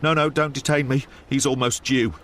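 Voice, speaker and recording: A man's voice: mid-range voice, steady tone, normal speed, fairly bright tone, slight background noise, natural voice. A man reading an audiobook, voicing a thin, nervous male estate manager who shoots out short, breathless sentences. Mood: agitated.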